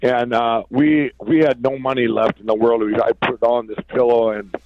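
Rambling excited man on dull lo-fi audio. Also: mid-range voice, normal speed. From Minnesota. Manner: rambling, excited, many restarts and fillers. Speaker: guest, pillow company founder. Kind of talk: conversational storytelling.

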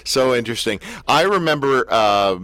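Lively joking male radio host. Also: medium pitch, normal speed, no echo. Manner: animated, joking, self-deprecating storyteller. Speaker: radio talk show host. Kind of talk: casual radio interview.

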